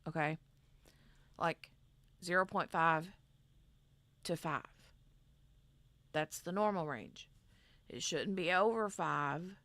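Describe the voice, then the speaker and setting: A woman's voice: lowish voice, a bit bright, no room sound. A woman hosting a casual craft livestream, chatting in a rambling way and reading out viewer comments. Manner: rambling, chatty, reads chat aloud. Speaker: craft channel host.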